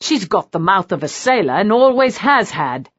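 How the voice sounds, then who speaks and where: A woman's voice: medium pitch, big pitch swings, normal speed, dull audio. Woman reading as a plaintive grumbling brother. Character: plaintive, complaining younger brother.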